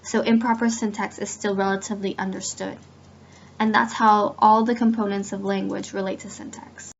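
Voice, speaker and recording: A woman student speaks at medium pitch and normal speed, with some vocal fry, while reading a class presentation on grammar. She reads examples aloud steadily, and the dull lo-fi recording carries a little hiss or hum.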